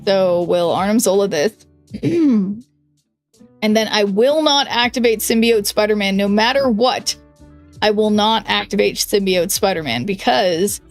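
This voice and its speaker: A young woman talks through her card game on a live stream, chatty and thinking aloud, full of "like" and self-corrections. Her voice sits at an ordinary middle pitch for a woman. Faint music plays behind her. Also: creaky. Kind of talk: casual stream chat while playing a card game.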